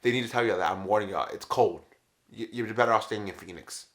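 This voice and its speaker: A man telling travel stories in a casual, animated, exasperated way. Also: on the low side, fast talker. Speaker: vlogger. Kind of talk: casual storytelling. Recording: echoey room.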